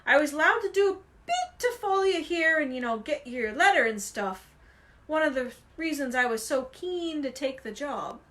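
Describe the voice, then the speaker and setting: A woman voicing a gruff, loud giant of a man with a booming, rough manner. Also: animated, normal speed. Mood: rueful.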